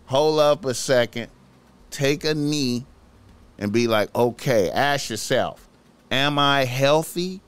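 A man's voice: mid-range voice, takes it slowly, clean tone. A man hosting a podcast, talking casually in a slangy, profane, preachy way, repeating himself as he urges listeners. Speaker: podcast host.

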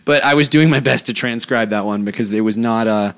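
A man's voice: mid-range voice, brisk, fairly bright tone, clean tone. A man co-hosting a casual podcast, joking and laughing as he reads listener emails aloud. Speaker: podcast co-host.

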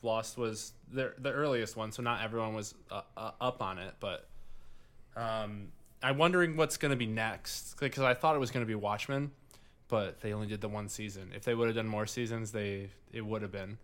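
A Midwestern American man co-hosts a casual podcast chat, rambling with plenty of fillers, restarts and swearing. His voice is on the low side and a bit bright, at normal speed.

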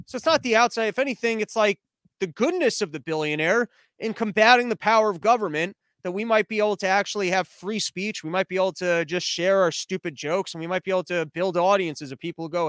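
High-voiced rambling sarcastic male podcaster. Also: fast talker, fairly bright tone, smooth, no room sound. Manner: rambling, sarcastic, riffing with restarts. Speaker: podcast host. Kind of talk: casual comedic commentary. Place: home living room studio.

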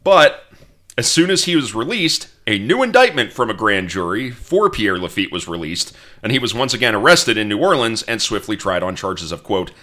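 Male podcast host telling history with wry humor; animated, bright delivery. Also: fairly low pitch, moderate pace. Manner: storytelling, reads quotes aloud, wry asides.

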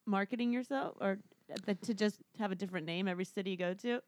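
A woman comedian guesting on a casual comedy chat, playful and quick to laugh. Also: mid-range voice, darkish tone, no echo.

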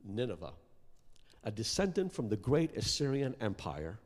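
A middle-aged man from Iraq preaching a sermon testimony, impassioned and building to shouts at its peaks. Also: lowish voice, big pitch swings, moderate pace. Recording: long hall reverb.

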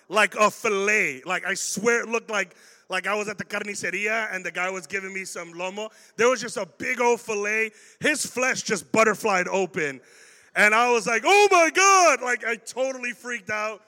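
Animated young man telling stories in a hall. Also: high voice. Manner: animated, joking, speaks to the crowd directly. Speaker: youth speaker. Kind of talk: storytelling sermon to a live audience.

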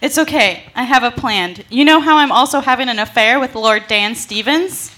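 A woman's voice: on the high side, moderate pace, pushed and bright. A woman playing a scheming young maid, breezy and giggly, in a comedy audio skit.

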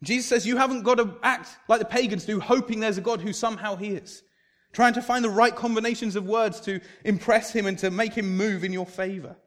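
High-voiced preacher telling stories. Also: male voice, brisk. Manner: animated storytelling, acts out biblical figures. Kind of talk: sermon.

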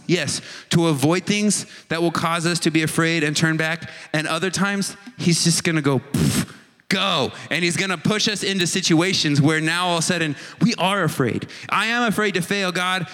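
A man preaching a casual, animated sermon, acting out short voiced asides as he tells the story. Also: high voice, in a large hall.

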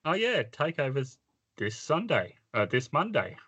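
A man's voice: medium pitch, big pitch swings, measured pace, fairly bright tone, husky. A man co-hosting a casual podcast chat, dropping dry, wry quips. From Australia. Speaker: podcast co-host. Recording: slightly dull lo-fi audio.

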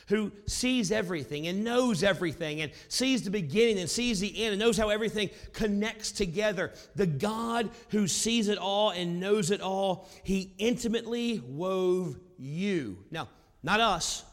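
A male pastor preaching a sermon, with a loud, carrying voice that swings from booming to hushed. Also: animated, measured pace. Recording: long hall reverb.

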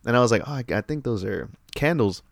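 A man's voice: medium pitch, fast, vocal fry, no echo. Guy swearing a lot telling a funny work story, dry close sound, lots of laughing. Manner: animated, profane, laughing often. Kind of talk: casual storytelling chat.

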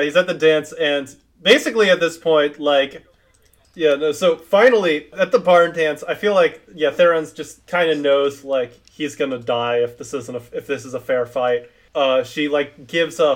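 A man on a podcast, recapping a film in a loose, rambling way with many restarts and laughs. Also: a little high. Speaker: podcast host. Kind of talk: casual movie recap chat.

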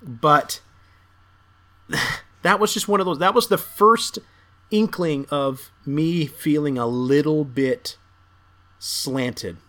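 A man's voice: on the high side, a bit bright. A man co-hosting a podcast in a casual movie discussion, thinking aloud with many hesitant restarts. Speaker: podcast co-host.

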